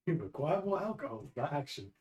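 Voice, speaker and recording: A man's voice: on the high side, sing-song, quick pace, darkish tone. A man playing a tabletop game, teasing his friends and swearing casually in banter. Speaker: player.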